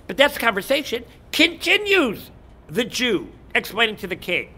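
A rabbi lectures his class with animated storytelling, stumbling over repeated words as he builds up. His voice sits high for a man, swings through a wide range, and sounds sharp and bright. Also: normal speed. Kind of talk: lecture to students.

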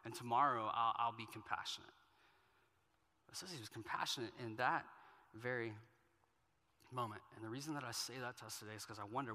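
A man's voice: medium pitch, pushed and bright, in a large hall. A male pastor giving a sermon, telling stories in a conversational, self-deprecating way. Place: church auditorium.

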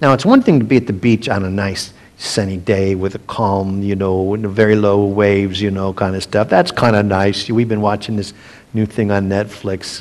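A man's voice: on the low side, darkish tone. A man leading a casual Bible study, reading verses aloud and wandering into chatty personal asides with frequent restarts. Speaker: pastor teaching a Bible study.

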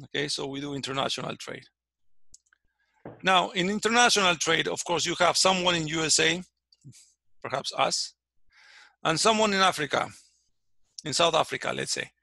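A man teaches a finance class over a video call through his computer mic, his slightly high voice gravelly, bright, and forceful at a moderate pace. Speaking with no room sound, he pauses at length, restarts often, and keeps checking that students follow.

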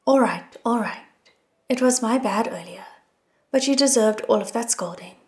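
A woman reading an audiobook, voicing a gruff, impatient man who scolds and nags in repeated words. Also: on the high side, moderate pace, close to an everyday voice. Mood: grumbling. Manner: brusque, nagging, repeats words.

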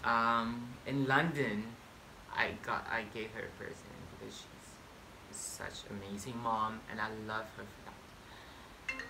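With a mid-range voice, a man vlogs a casual storytime monologue to camera. He's excitable and boastful, now and then erupting into sudden loud swearing.

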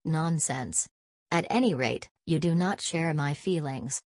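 A woman reading the part of a cheerful, confident gentleman companion in an audiobook, speaking eagerly. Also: low voice, measured pace, no echo, clean studio sound. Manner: eager, upbeat.

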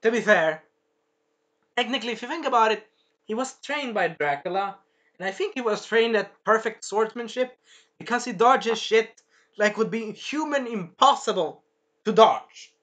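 A man casually recapping an episode, animated and swearing, acting out lines and sound effects as he goes. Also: sits high, moderate pace. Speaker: show reviewer.

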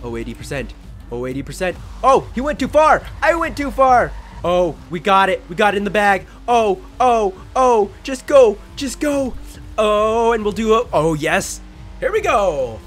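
Young male gamer, high voice, wildly lively, unhurried, faint music under his commentary. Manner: excitable, jokey, shouts at the game. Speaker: gaming channel host. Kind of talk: let's-play commentary. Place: his room at home.

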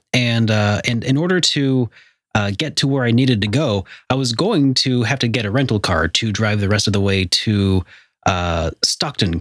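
A man co-hosting a podcast, starting an anecdote hesitantly with many pauses and fillers. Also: fairly low pitch, a bit bright, no echo, studio quality. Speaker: podcast co-host. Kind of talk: casual chat.

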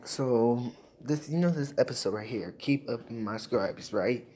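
A young man talks straight to his viewers in a casual vlog, emotional and repetitive, circling back to thank them. His pitch sits in a middle range. A faint hiss of noise runs under the recording. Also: normal speed, darkish tone. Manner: emotional, repetitive, keeps saying "guys". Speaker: YouTuber.

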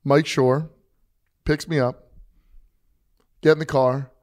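Guy with a higher voice, golf podcast co-host, excited and rambly. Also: slow pace. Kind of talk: casual chat.

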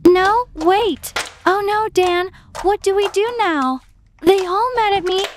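A woman doing a squeaky gushing pick-me girl. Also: slow, faint music behind. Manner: gushing, fake-innocent, dramatic. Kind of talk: voiced storytime animation.

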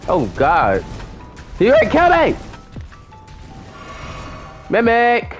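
Excitable young-sounding male gamer commentating. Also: very high-pitched, very slow, faint music behind. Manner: excitable, trash-talks the boss, swears and shouts. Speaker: gamer and channel host. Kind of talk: live gameplay commentary.

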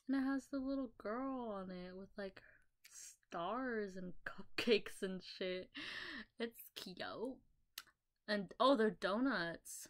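A woman's voice: mid-range voice, slow. Rambling young woman vlogger. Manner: rambling, filler-heavy, casually profane. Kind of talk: casual haul video chat. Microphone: laptop mic.

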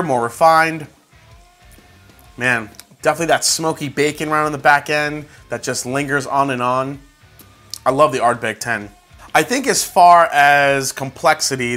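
A man reviewing whiskey in a casual vlog, talking through tasting notes as he sips. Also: mid-range voice. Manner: relaxed, tasting between remarks.

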